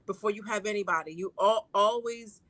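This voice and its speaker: Bright, chatty woman hosting a talk show. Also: medium pitch, fairly quick, no echo. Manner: chatty, emphatic and joking. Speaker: host. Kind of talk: casual chat show talk.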